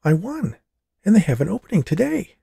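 A man voicing an upbeat young woman, talking with excited energy. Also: high-pitched, fairly quick, gravelly, slightly rough, no echo, clean studio sound, voice pushed up, full character voice.

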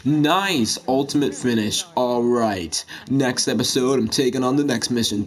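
A man's voice: medium pitch, unhurried, hardly any pauses. A young man giving casual gameplay commentary, rambling, swearing and freestyle rapping as he plays. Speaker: gaming channel host. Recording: noticeable background noise.

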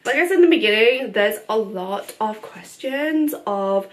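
A young woman talks straight to her camera at home in a casual, open life update. Her voice sits a little high, and she fills the gaps with "um" and "like" and breaks into laughter often. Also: big pitch swings, slow, fairly bright tone. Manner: chatty, open, laughs often, many fillers. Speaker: vlogger.

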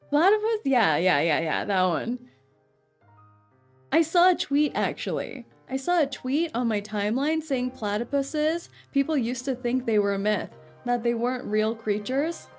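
A woman streams a game and chats playfully, giggling between her thoughts. Her voice sits high, and she talks at an easy, slow pace. The talk rambles from joke to joke. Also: big pitch swings, soft background music. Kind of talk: casual live-stream chat.

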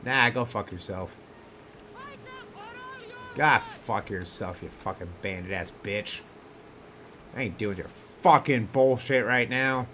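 A man's voice: fairly low pitch, a bit bright, a little hiss or hum. A man playing a video game and commenting, joking around and then swearing furiously at enemies. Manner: profane, quick to rage, swearing at enemies; joking, laid-back banter. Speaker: gaming streamer. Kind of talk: let's play commentary.

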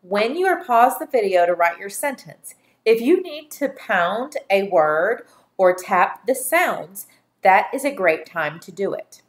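Slow, lively-voiced woman teaching kids. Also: medium pitch. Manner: clear, deliberate, spells words and stretches syllables. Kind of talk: slow dictation lesson for children.

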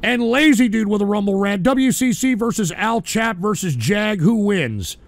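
Gravelly guy with a high voice ranting on his stream, swears nonstop, says "all right?" all the time. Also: animated, normal speed, no room sound. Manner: shouts angrily at trolls, swears constantly; keeps tacking on "all right?". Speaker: livestream show host. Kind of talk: profane livestream rant.

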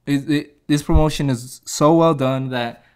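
A man's voice: a little high, steady tone, a little slow, smooth. A man casually reviewing a movie, retelling the plot in a rambling way, laughing and correcting himself as he goes.

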